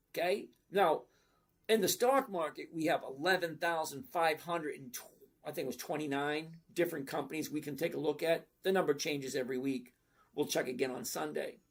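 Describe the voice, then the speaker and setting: Gravelly older man hosting a livestream. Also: a little high. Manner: chatty, blunt, rambling asides. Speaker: stock market livestream host. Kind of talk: casual live chat answering viewers.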